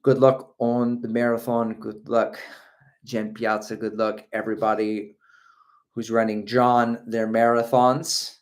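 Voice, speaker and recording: A middle-aged man with a medium-pitched, flat, unhurried voice hosts a running channel's livestream. He reads viewer comments aloud, chatty and joking, and laughs often.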